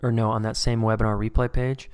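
A man's voice: fairly low pitch, level tone, fast talker, a little mellow, clean tone. Conversational man teaching a webinar. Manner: conversational, acts out dialogues. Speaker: course instructor.

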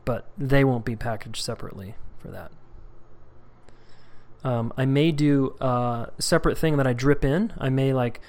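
A man's voice: mid-range voice, moderate pace, a little mellow. A man leading a live coaching call with questions and answers, reading members' comments aloud and speaking casually and candidly. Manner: acts out little dialogues with shifting voices.

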